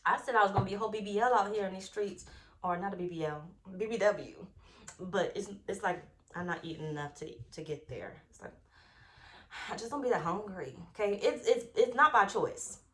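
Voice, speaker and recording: A woman's voice: mid-range voice, fairly quick. A young adult woman giving a casual, rambling tarot reading, swearing often and talking with emphatic, fired-up force. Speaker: tarot reader.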